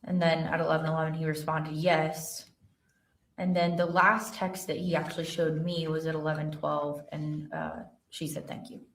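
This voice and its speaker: A woman investigator testifying in a courtroom, reading text messages aloud in a plain, steady way with fillers. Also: deep voice, moderate pace. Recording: roomy courtroom audio from far off.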